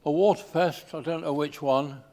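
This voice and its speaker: An older man from England giving an informal slide talk, pausing often with fillers and restarts. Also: a little high, steady tone, warm tone. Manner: halting, with many fillers and restarts.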